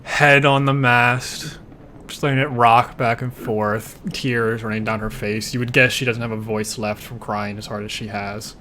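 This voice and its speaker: A man's voice: mid-range voice, little pitch movement, moderate pace, bright, forceful tone, a little hiss or hum. A man running a tabletop role-playing game, narrating scenes and calling for dice rolls in a laid-back way. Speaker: game master.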